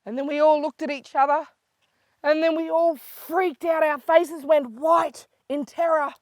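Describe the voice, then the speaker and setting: An older woman from South Australia tells a story for children in an Aboriginal Australian English accent. Her voice sits on the high side. She shifts between hushed, quiet passages and lively, excited calls. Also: no echo.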